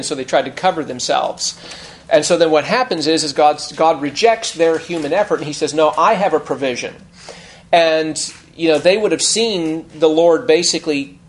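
A pastor with a slightly high voice preaches an expository sermon in a conversational, teaching style. He restarts phrases and slows down to stress key words.

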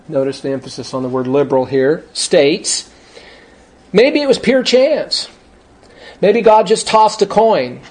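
Male pastor, slightly high pitch, emphatic sermon delivery with casual asides. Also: darkish tone. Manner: emphatic, conversational asides, slows words for stress.

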